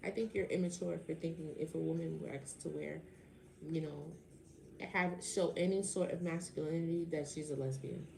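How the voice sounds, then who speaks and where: A woman's voice: low-pitched, fairly even intonation, moderate pace, gravelly, darkish tone, a little hiss or hum. A woman doing a tarot reading on a casual livestream, talking back to chat commenters with a sarcastic, swearing edge. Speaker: tarot reader answering a live chat.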